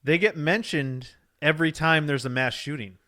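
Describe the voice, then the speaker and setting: Male podcast co-host, slightly high voice, crude and rambling jokes. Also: moderate pace, pushed and bright. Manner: profane, rambling, jokey rants. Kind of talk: casual chat.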